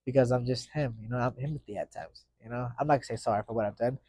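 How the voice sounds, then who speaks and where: A man's voice: medium pitch, very fast, dark tone, no echo, clean studio sound. A young man hosting his own podcast, telling a casual story full of slang and constant fillers. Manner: slangy, rambling, full of fillers like "you know what I mean". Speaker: podcast host.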